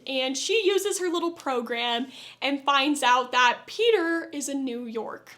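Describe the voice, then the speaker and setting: A woman giving a casual, opinionated show review in a chatty way, getting loud and exasperated when she rants. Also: sits high, a little slow.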